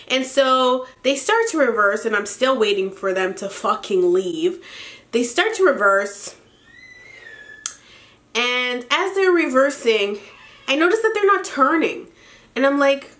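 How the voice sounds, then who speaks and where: Young pregnant woman ranting on her vlog, kinda high bright voice, cusses a lot. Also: normal speed. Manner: animated, exasperated, swears freely. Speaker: beauty vlogger. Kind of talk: casual ranting storytime.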